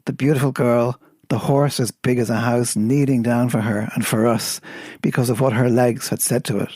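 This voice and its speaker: An Irish man hosting a show reads a poem aloud with a lively storytelling lilt. His voice sits in a middling range. The sound is dry and close, with no room echo. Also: medium pitch, moderate pace. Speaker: host. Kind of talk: poetry reading.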